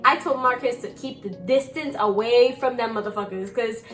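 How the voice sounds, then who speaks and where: A woman in her twenties telling a story in casual chat, animated and rambling, with a lot of swearing. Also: a little high, normal speed, faint music behind. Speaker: vlogger.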